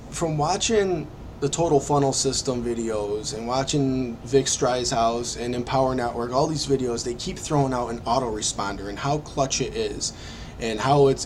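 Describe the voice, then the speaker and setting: A man telling his own story as a vlogger, animated and self-deprecating, acting out his own reactions. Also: medium pitch, a little hiss or hum. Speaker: online marketing vlogger. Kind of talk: personal storytelling to camera.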